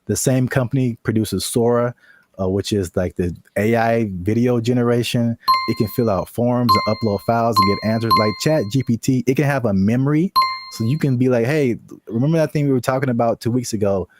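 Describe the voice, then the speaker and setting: A man co-hosting a casual tech chat podcast, animated and joking, with sudden high shouted bits. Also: a little fast, over loud music. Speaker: co-host.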